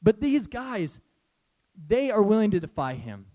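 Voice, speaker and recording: Male pastor, sermon delivery, high voice with big swings, animated and casual. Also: unhurried. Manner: animated, conversational, laughs often.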